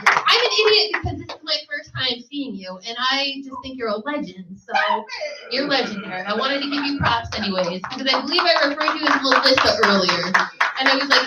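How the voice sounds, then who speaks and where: A woman hosting a comedy show in a brash, boastful persona, her voice high and pitched up. She is heard from a distance in an echoey room, with clear noise in the background. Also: very animated, brisk. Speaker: open mic host. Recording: echoey room, far from mic, noisy.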